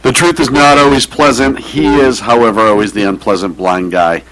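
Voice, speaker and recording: Male radio host, mid-range voice, slow ironic delivery. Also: mid-range voice, steady tone, fairly bright tone, a little hiss or hum, rough recording. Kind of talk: radio talk show hosting.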